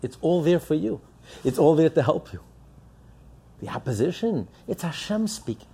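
A man's voice: fairly high pitch, very animated, normal speed, gravelly, mellow, slightly rough. A man preaching a sermon, impassioned and building up with rhetorical questions. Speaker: religious teacher.

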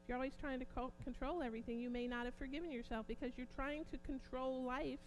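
A woman preaching an informal sermon, growing impassioned and forceful at points. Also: high-pitched, fairly even intonation, quick pace, slight background noise. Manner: impassioned, rising to near-shouting emphasis.

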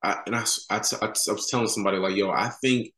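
A man's voice: lowish voice, little pitch movement, rapid-fire, sharp tone. A man in his thirties, a podcast guest, telling personal stories in a candid, casual, slangy way. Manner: casual slangy talk, many "you know" fillers. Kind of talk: candid conversational storytelling. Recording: roomy echo.

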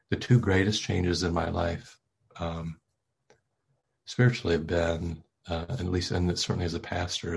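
An older man delivers a sermon from the pulpit in a loose, conversational way, full of ums and self-deprecating asides. His voice sits very low and has a husky edge. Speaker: pastor.

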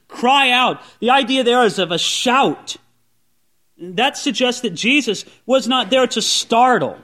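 A man's voice: extremely high pitch, bright, forceful tone. A man preaching a sermon to a congregation, talking conversationally and acting out objections from listeners. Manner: conversational, voices imagined objections. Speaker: pastor. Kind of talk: expository sermon. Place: church service before a congregation.

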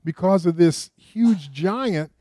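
A man's voice: sits high, animated, slow pace, mellow, no echo, studio quality. A man preaching a sermon, retelling a story conversationally with rhetorical questions and frequent restarts. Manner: frequent restarts, rises with emphasis.

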